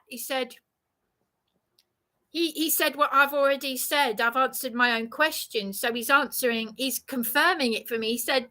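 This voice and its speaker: A woman's voice: high-pitched, moderate pace, sharp tone. A woman delivering an indignant, emphatic ranting monologue, swearing and laughing bitterly. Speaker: vlogger.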